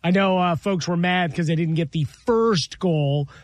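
A man co-hosting a sports radio show, talking in a relaxed, wry way with fillers. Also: sits high, unhurried, dry recording. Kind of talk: casual sports radio chat.

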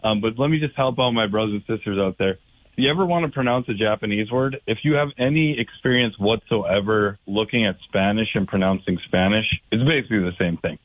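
Caller guy on a tinny phone line, lowish voice, blunt and preachy, lots of ums. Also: fairly quick, no room sound. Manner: blunt, opinionated, lecturing with many "um"s. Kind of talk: call-in conversation.

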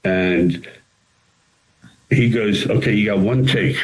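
Very deep-voiced older man telling stories. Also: slow, poor audio. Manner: animated storyteller who acts out quoted lines. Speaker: interview guest, actor and writer. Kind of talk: storytelling interview answers.

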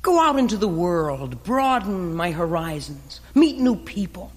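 A woman's voice: lowish voice, big pitch swings, unhurried, husky, full character voice. A woman playing a dramatic, cat-hating male pet dog in a stage musical, brooding in theatrical self-pity. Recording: reverberant stage recording.

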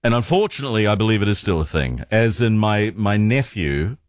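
A man's voice: lowish voice, very animated, brisk, no room sound, clean studio sound. A man hosting a talk radio show, chatting casually and often stumbling over and repeating his words.

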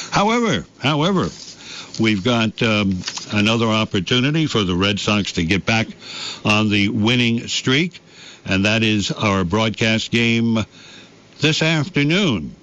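A man's voice: fairly low pitch, a bit bright. A man hosting a morning radio sports report, reading scores in a folksy, rambling way with many fillers. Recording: dull lo-fi broadcast.

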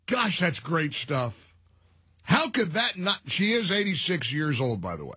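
A middle-aged man hosting a talk radio show, mocking and animated, laughing at his own jokes. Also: a little high, measured pace, husky, no room sound, clean studio sound. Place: radio studio.

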